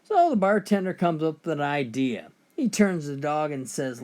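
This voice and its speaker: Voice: medium pitch, very animated, moderate pace, darkish tone. A joke teller reading out a run of short funny stories, switching briefly into voices for the characters.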